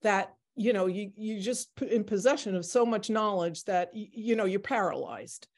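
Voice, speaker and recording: A woman's voice: mid-range voice, normal speed, a little mellow. A woman in her sixties, the artist presenting her work, talking in a rambling, chatty way with many fillers. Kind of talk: casual Q&A discussion.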